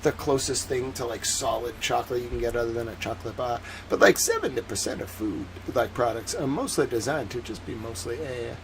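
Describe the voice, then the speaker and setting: A man talking with a put-on Southern accent, hosting a casual livestream in a rambling, soft-spoken way full of fillers. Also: medium pitch, vocal fry, a little hiss or hum, rough recording. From Massachusetts. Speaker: livestream host.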